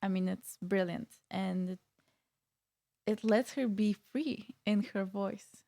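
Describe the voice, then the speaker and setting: A woman's voice: medium pitch, slow pace, vocal fry, mellow. A woman vocal coach explaining singing technique in a casual reaction video, with frequent fillers and restarts.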